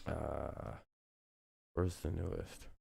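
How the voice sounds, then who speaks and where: A man's voice: a bass voice, fairly even intonation, very slow, vocal fry, a little mellow, husky. A man hosting a casual live football news stream, joking and rambling with plenty of swearing.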